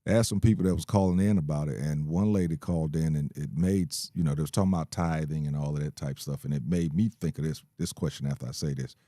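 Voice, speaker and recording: A man co-hosting a casual talk radio show, speaking in a relaxed, conversational way. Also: very deep voice, quick pace, hardly any pauses, no echo, studio quality. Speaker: co-host.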